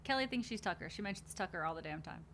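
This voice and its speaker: A woman with a bright, forceful voice hosts a stream watch party. She gives casual, blunt reaction commentary with easy swearing in a chatty tone. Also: fairly low pitch, animated, fast talker, a little hiss or hum.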